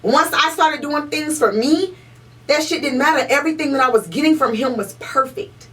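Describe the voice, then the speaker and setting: A young woman with a somewhat high voice co-hosts a podcast in loose, heated chat. She swears freely and hammers her points home through repetition. She sits a little back from the mic, so the sound is slightly distant. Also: moderate pace, fairly bright tone. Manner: emphatic and profane, repeats points for stress. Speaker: podcast co-host. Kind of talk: casual chat. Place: podcast room.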